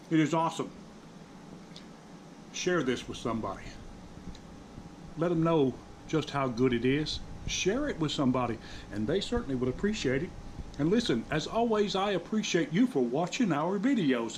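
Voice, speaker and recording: A man's voice: a little high, big pitch swings, unhurried, pauses often, a little hiss or hum, low-quality recording. A man hosting a casual home cooking demonstration, talking to his viewers in a folksy way and calling them folks. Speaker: cooking channel host.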